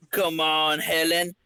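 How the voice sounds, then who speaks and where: A man's voice: a little high, little pitch movement, drawn-out words, sharp tone, full character voice. A man voicing a flirty male beat cop who fumbles his pickup lines, in a comedic dramatic reading of a comic.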